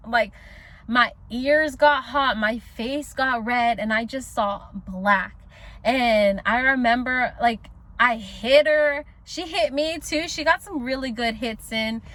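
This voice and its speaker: High, lively young-sounding woman storyteller. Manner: animated and slangy, acting out her own past lines, laughs often. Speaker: vlogger telling a personal story. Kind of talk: casual storytime chat.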